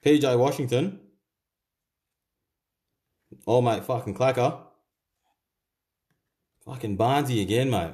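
A man's voice: mid-range voice, slow, pauses often, a little mellow. A young Australian man hosting a card-opening video, swearing constantly and rattling off player names in casual commentary. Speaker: card-opening channel host.

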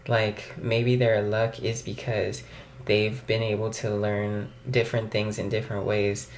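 Here a young man speaks in a lowish, monotone voice at an unhurried pace, chatting casually to his camera at home with lots of fillers. It's rambling vlog talk picked up by a camera mic, roomy, with slight hiss or hum.

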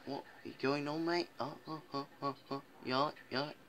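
Man faking a London accent, chummy beer-drinking bloke, bright voice, mate every line. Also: fairly high pitch, fairly even intonation, brisk, slight background noise. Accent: put-on London. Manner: repeats "mate" in a loose, goofy put-on.

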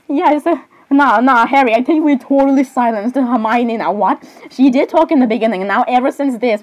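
Girl with a high voice rambling thru silly cartoon voice-overs, keeps saying sorry, squeaky jumps. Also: quick pace, a little mellow, poor audio. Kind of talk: comedic voice-over of cartoon characters.

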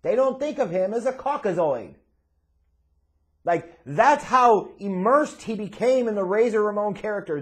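An emphatic, blunt man holds forth in an opinionated commentary monologue. His voice sits a little high and swings widely in pitch. He talks like a channel host, swearing casually as he makes his case.

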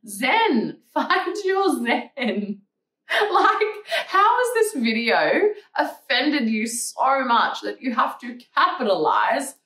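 Young woman, mocking and profane; bright-ish, highly animated voice in a roomy space. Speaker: vlogger. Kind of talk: ranting reply to comments. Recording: echoey room, mic at a distance.

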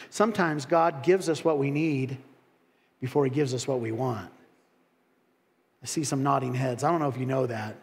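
Animated preacher in a reverberant church. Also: male voice. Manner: animated, acts out voices of critics with sharp rises in pitch and volume; laughs between phrases, folksy asides. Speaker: pastor. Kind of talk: sermon. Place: church sanctuary. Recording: long hall reverb.

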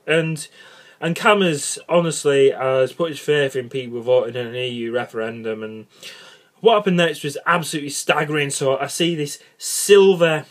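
A man's voice: a little high, normal speed. Rambling man, exasperated and jokey. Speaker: cycling vlogger. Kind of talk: casual rambling monologue.

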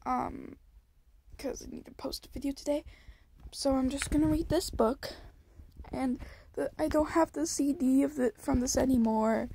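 Woman, high voice, gravelly fry, casual picture-book read-aloud, slight hiss behind. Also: steady tone, mellow. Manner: hurried, chatty, with many fillers. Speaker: channel host reading a picture book aloud.

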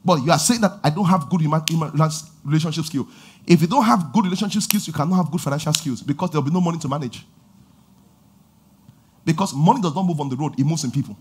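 Middle-aged pastor, husky, fairly high voice, preaching with surges of volume. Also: male voice, fast. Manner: animated preaching with sudden loud exhortations and acted quotes. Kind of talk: sermon. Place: church auditorium.

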